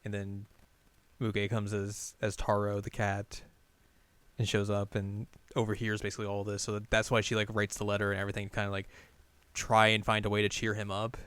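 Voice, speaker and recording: A man co-hosting a podcast, casually recapping a film in a rambling, animated way and acting out the characters' lines. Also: lowish voice, normal speed, smooth, no echo. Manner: rambling, animated retelling with acted-out quotes. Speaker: podcast co-host.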